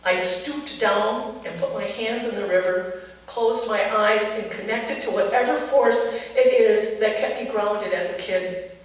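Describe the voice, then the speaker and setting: A middle-aged woman from Minnesota telling a personal story to a live audience, measured and reflective, in short paced phrases. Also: mid-range voice, very echoey, recorded from a distance, poor audio.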